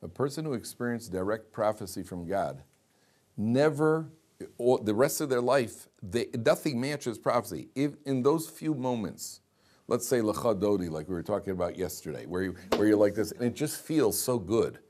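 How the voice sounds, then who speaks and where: A man teaching a Torah class, reading Hebrew verses aloud slowly and explaining them, often asking the class questions and repeating himself. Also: lowish voice. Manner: animated, asks the class questions and repeats lines.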